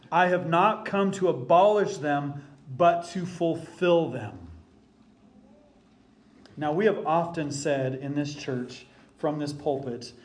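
A man preaching a sermon from the pulpit as the pastor, emphatic and deliberate, slowing down to stress key phrases. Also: fairly high pitch, darkish tone.

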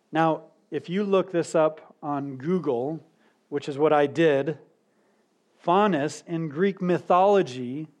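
A middle-aged man preaching a sermon as a pastor, teaching verse by verse and slowing down to stress key words. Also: on the high side.

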